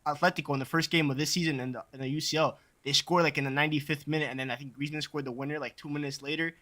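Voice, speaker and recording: Fast, bright, hesitant young-sounding panelist. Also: male voice, on the high side, steady tone. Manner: quick, hesitant, defensive, many fillers. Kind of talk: casual football chat.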